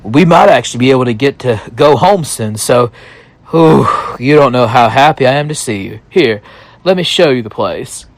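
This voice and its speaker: A man's voice: medium pitch, lively intonation, moderate pace, dry recording. A man doing a drawling Southern army captain. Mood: relieved. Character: glad, weary male army captain.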